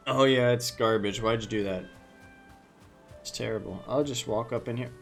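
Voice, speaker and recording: A man's voice: mid-range voice, normal speed, vocal fry, soft background music. Playful man hosting a game stream. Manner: joking, playful. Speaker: livestream host. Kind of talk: casual gaming chat.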